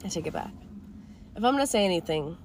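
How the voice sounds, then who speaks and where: Rambling teenage girl, slightly hoarse. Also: lowish voice, big pitch swings, fast talker, a little mellow, slight background noise. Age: teens. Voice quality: voice going hoarse. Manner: rambling, candid, swears casually, trails off and restarts. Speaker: podcast host. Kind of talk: casual reflective monologue.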